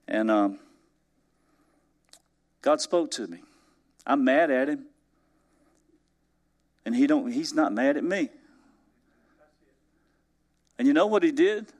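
A man preaching a sermon in a conversational storytelling way, chuckling as he goes and swinging between emphatic rises and soft, hushed drops. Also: mid-range voice. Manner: chuckles through his stories. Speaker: pastor.

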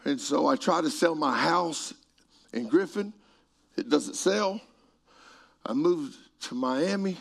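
A middle-aged man preaching a sermon and telling stories, moving between quiet passages and shouted peaks. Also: on the high side, slow, vocal fry, pauses often. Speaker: pastor. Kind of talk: sermon storytelling.

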